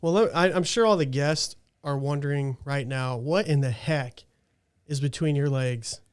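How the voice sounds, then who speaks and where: A man's voice: a little high, moderate pace, clean tone. A young man hosting a podcast, easygoing, laughing often and asking questions in casual chat. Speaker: podcast host.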